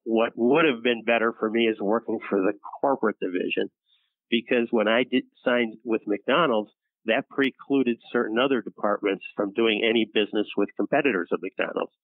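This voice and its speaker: Halting older man, tinny lo-fi sound. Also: lowish voice, no room sound. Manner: halting, many restarts, acts out quoted voices. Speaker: interview guest, former studio executive. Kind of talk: storytelling in a conversational interview. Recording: tinny phone-like dry sound.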